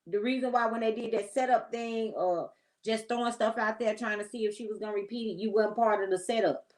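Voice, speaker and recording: Woman, somewhat high voice, chatty, opinionated, slangy vlog commentary. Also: steady tone, brisk, poor audio. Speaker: host.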